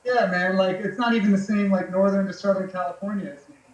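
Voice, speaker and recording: High-voiced laid-back man telling stories. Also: fairly even intonation, quick pace, reverberant, muffled recording. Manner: laid-back, swears freely, many fillers. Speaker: podcast guest, military veteran. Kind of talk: casual storytelling chat.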